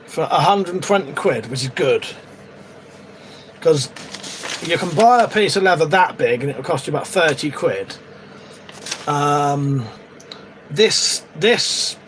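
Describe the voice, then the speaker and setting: A man with a slightly raised pitch, talking casually on a live stream from a shed. He rambles, swears offhandedly and chats to his viewers. Faint ambience hums behind him. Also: slight background noise. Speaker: livestream host. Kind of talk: casual live-stream chat while crafting. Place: shed, outdoors.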